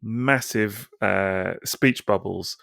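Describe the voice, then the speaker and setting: Gravelly man chatting eagerly. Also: on the low side, very slow, a bit bright, no echo, studio quality. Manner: enthusiastic, reads out quotes in a mock announcer voice. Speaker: podcast co-host. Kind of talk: casual chat.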